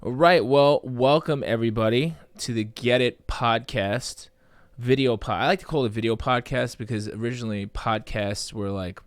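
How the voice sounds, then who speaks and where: A man's voice: medium pitch, moderate pace, hardly any pauses, dry recording. A man hosting a live podcast, chatting casually in a playful, rambling, joking way. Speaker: podcast host.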